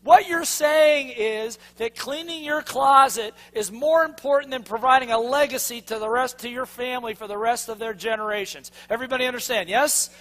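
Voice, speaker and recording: High bright guy hyping up a seminar crowd, punchy, keeps asking yes?. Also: moderate pace, hardly any pauses. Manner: energetic, punchy, constantly asks the audience to respond. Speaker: motivational speaker. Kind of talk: seminar talk to a live audience.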